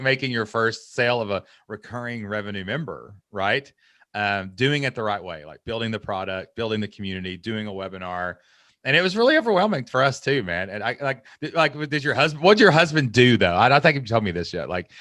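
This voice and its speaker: A man hosting a podcast interview, chatting casually and excitably, rambling with lots of fillers. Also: medium pitch, dry recording, studio quality. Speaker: podcast host.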